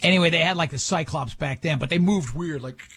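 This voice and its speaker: Joking high-voiced male radio host. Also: a little fast, over a noisy crowd. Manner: joking, jumps between thoughts, mock-grand asides. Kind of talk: casual studio banter.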